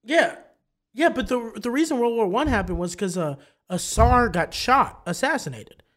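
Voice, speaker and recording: A man co-hosting a podcast in casual chat, an animated storyteller who laughs often and acts out what people said. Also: very high voice, normal speed. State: has an ear infection. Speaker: podcast co-host.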